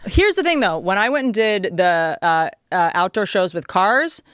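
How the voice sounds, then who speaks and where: A comedian guest on a podcast chatting casually, lively and swearing freely. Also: mid-range voice, normal speed, clear, resonant tone, no room sound, studio quality.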